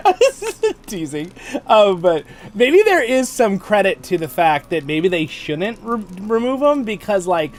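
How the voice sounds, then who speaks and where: A man hosting a game livestream, chatting casually and playfully while he plays, often laughing. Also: high voice. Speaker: game streamer and host. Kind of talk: casual gameplay commentary.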